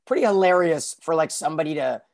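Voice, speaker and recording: A man's voice: on the high side, expressive, quick pace. Rambling man recapping a TV episode. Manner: rambling, many restarts and fillers. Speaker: podcast co-host. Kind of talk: casual TV recap chat.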